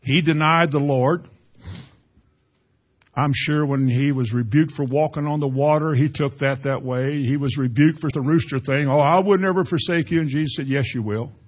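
Husky-voiced man preaching a sermon. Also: on the high side, normal speed. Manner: preaching with rising emphasis and Bible quotations. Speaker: pastor.

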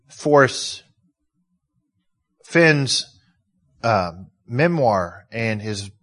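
A man's voice: medium pitch, fairly bright tone, breathy edge. A man preaching a sermon, emotional and full of rhetorical questions. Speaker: pastor.

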